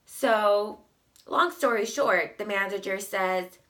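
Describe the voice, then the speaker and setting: A woman's voice: mid-range voice, takes it slowly, pushed and bright. A young adult woman telling customer service stories in a casual vlog, emphatic and exasperated. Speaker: vlogger.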